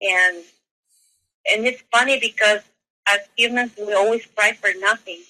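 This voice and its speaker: A woman guest on a talk show, telling a personal story in a halting way, with many restarts and fillers. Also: mid-range voice, steady tone, bright, forceful tone, poor audio. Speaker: interview guest. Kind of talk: casual spoken storytelling.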